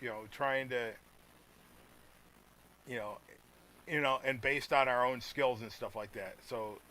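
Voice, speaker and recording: This co-host, an American man from the United States, rambles through casual podcast talk with frequent laughter. He speaks unhurriedly in a mid-range, bright, forceful voice with fairly even intonation. The recording is low quality.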